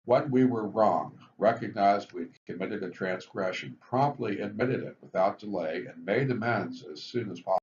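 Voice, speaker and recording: Low-pitched guy lecturing slow and steady about recovery steps, kinda muffled lo-fi audio. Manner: measured, explanatory, stresses step headings. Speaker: physician teaching addiction recovery. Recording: dull lo-fi recording with faint hiss.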